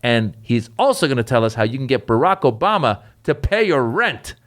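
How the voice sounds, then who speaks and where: A man's voice: mid-range voice, lively intonation, fairly quick. A middle-aged man hosting a comedy podcast, talking in an upbeat, chatty, joking way. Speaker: podcast host. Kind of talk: casual comedy podcast chat.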